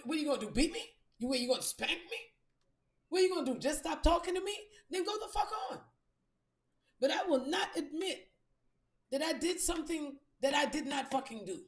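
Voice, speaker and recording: A woman telling a story in a blunt, profane and emphatic monologue as a podcast host. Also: high-pitched. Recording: echoey room.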